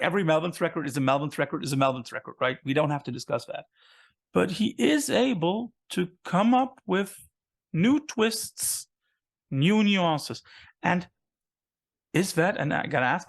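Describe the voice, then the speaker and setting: A man's voice: sits high, gravelly. A man interviewing a guest in a chatty, rambling way with many fillers. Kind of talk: casual interview talk.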